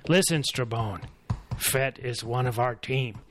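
A man's voice: mid-range voice, unhurried, a bit bright, slight background noise, pitched below the performer's own voice, close to an everyday voice. A man voicing a flustered, forgetful old scholar who hunts vampires, with an exasperated, mock-dramatic manner.

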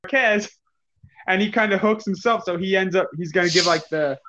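A man's voice: sits high, a little fast, sharp tone. A man trading stories on a podcast in a loose, casual way. He often breaks into laughter mid-sentence. His voice comes through slightly dull and lo-fi. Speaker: podcast co-host. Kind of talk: casual storytelling chat.

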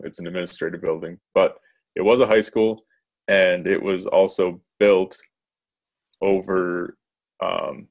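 Slow, low-voiced young man, hesitant. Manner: hesitant, many ums and pauses. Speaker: podcast co-host. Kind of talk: casual storytelling chat.

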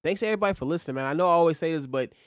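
Easygoing young dude cohost, kinda high voice, jokey, chimes in a lot. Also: male voice, very fast, dry recording, studio quality. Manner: easygoing, joking, chimes in often. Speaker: podcast co-host. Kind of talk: casual chat.

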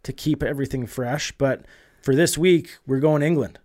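A young man co-hosting a casual betting podcast, relaxed with some hesitant fillers. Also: medium pitch, normal speed. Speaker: podcast co-host. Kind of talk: casual chat.

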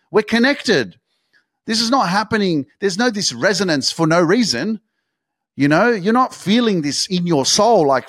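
A man delivers a motivational podcast monologue, intense and profane, repeating his points for emphasis. His voice sits somewhat high for a man. The recording is dry and close, with no room sound. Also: animated, moderate pace, a bit bright, dry recording. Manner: intense, swearing, repetitive, pep-talk emphasis. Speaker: podcast host.

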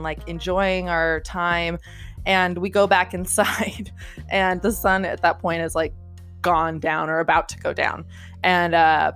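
Chatty young woman telling a story. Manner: chatty, lots of filler words and swearing; animated, jumps high when quoting people. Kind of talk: casual personal story.

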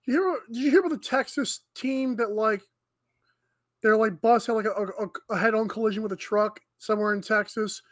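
Male sports-show host, high voice, casual and filler-heavy, dry podcast sound. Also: a little fast, dry recording.

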